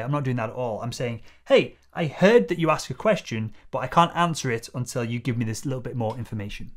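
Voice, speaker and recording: Guy doing a sales training video, confident coachy tone, middle pitch, acts out buyer-seller back and forth. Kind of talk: scripted sales tutorial to camera.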